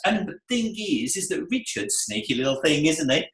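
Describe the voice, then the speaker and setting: Male coach, upbeat seminar delivery with a swooping, lively pitch and a fairly high voice, echoey room. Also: normal speed. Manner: animated, acts out client and staff voices. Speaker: salon coach.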